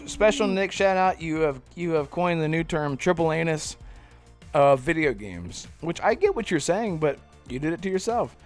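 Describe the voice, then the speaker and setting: A man's voice: a little high, lively intonation, moderate pace, soft background music. A man hosting a casual gaming podcast, joking around and laughing through his words. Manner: giggly, joking, restarts often. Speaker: podcast host.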